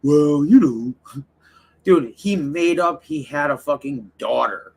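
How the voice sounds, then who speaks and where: Gravelly, husky man rambling on stream. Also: a little high, lively intonation, slow pace, a little mellow. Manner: rambling, heavy swearing, talks straight to the chat. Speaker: livestream host. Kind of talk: casual livestream chat with viewers.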